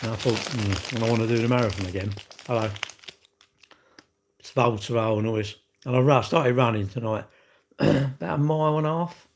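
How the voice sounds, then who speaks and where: A man's voice: mid-range voice, normal speed. A man, chatting casually on a livestream from home, rambling and greeting viewers by name as he goes. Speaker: livestream host. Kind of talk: casual live-stream chat.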